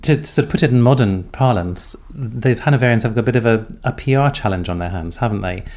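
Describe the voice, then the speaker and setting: A man's voice: medium pitch, fast talker, a little mellow. A man hosting a podcast, asking a guest questions in a chatty, casual way. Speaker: podcast interviewer. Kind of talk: conversational interview question.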